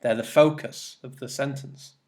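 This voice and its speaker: A man's voice: medium pitch, fairly even intonation, moderate pace, darkish tone. A man teaching an English grammar lesson in a recorded presentation, explaining step by step and repeating his examples.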